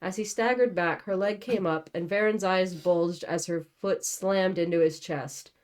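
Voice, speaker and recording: A woman's voice: lowish voice, unhurried, darkish tone. A young woman reading a novel aloud and breaking off for casual, joking commentary. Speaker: book channel host.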